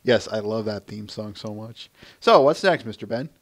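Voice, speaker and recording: A man's voice: on the low side, lively intonation, moderate pace. A man joining a casual podcast chat as co-host, laid-back and joking.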